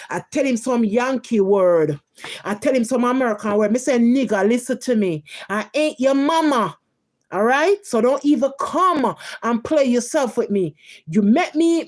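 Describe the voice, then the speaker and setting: A woman's voice: fairly high pitch, darkish tone. A woman from Jamaica with a Jamaican accent, ranting heatedly in emphatic patois on a live stream. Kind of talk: casual live-stream rant.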